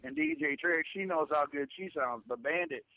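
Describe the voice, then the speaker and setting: A man's voice: fairly high pitch, huge pitch swings, moderate pace, vocal fry, pushed and bright, no echo, dull audio. A man co-hosting a radio chat, crude, brash and teasing. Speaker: co-host.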